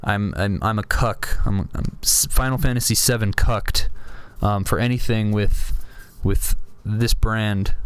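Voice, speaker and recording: A man's voice: lowish voice, fairly even intonation, a little slow, few pauses, smooth, no echo. A young man with a sore throat, rambling casually at his desk about items he collects, full of restarts and fillers. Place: home room at a desk.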